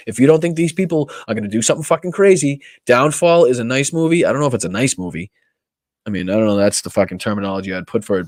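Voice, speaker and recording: A man's voice: mid-range voice, no echo. Profane ranting Boston man, dry sound. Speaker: political podcast host. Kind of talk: live-stream rant.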